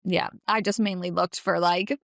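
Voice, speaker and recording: Woman podcast co-host, blended New York-Irish-London accent, chatty and quick to laugh, dry close mic. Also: lowish voice, steady tone, vocal fry, no room sound. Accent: mixed New York, Irish and London. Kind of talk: casual chat.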